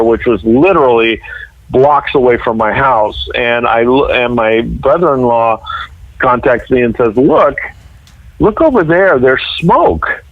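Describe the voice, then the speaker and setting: Guy from northern california telling a wild story on a podcast, dry sound, mid pitch. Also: no echo, narrow, tinny audio. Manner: animated storyteller, mimics voices in quotes. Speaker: guest writer. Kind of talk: casual podcast chat.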